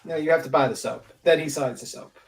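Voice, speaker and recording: A man's voice: on the high side, quick pace, vocal fry. A man on a live online panel, mocking and joking in casual chat. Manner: mocking, joking, riffs in impressions.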